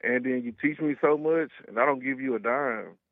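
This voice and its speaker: A man's voice: mid-range voice, moderate pace, no echo. A man in his thirties from Texas calling into a radio show, casual and slangy, telling stories in a chatty way. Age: 30s. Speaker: caller. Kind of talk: phone-in call. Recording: tinny phone line.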